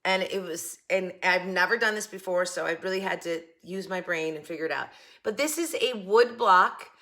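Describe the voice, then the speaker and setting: A woman's voice: fairly low pitch, normal speed, a bit bright. A woman hosting a craft vlog, showing off her projects in a chatty, enthusiastic way, often restarting her sentences. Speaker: craft channel host. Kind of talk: casual show-and-tell craft vlog.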